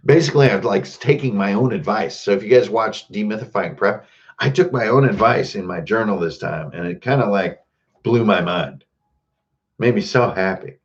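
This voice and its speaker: A man's voice: on the low side, normal speed, lo-fi sound. A man hosting a casual livestream, rambling and joking while he greets viewers by name. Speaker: host.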